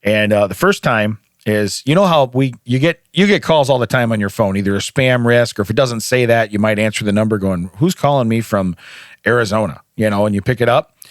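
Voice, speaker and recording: A man's voice: on the low side, brisk, no echo, clean studio sound. A middle-aged man hosting a podcast, telling anecdotes in casual chat and acting out the quotes. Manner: easygoing storyteller, acts out quotes. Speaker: podcast host.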